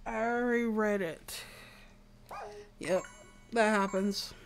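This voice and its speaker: A woman's voice: medium pitch, takes it slowly, soft background music. A young American woman streaming a game, chatting casually and playfully, a bit dramatic by her own account. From US East Coast. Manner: playful, self-described dramatic. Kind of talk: casual live-stream chat.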